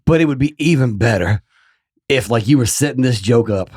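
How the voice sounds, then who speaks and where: A man co-hosting a podcast in casual chat, quick with agreement and laughter. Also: medium pitch, animated, darkish tone, breathy edge, dry recording, studio quality. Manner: quick backchannel, frequent laughter. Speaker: podcast co-host.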